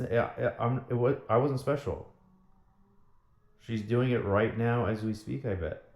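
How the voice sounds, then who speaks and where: Bitter low-voiced man ranting. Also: a little mellow. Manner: bitter, profane, repeats himself. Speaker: vlogger. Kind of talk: angry personal rant. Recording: echoey room.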